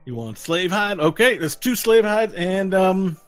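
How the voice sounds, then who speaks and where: A loud, overeager Texan tavern keeper who trips over his words while pressing drinks on his customers, as a man puts him on. The voice sits fairly high. Faint music plays in the background. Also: lively intonation, a little slow. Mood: pushy. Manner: loud, stammering, pushy hospitality. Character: pushy male tavern proprietor, overeager host.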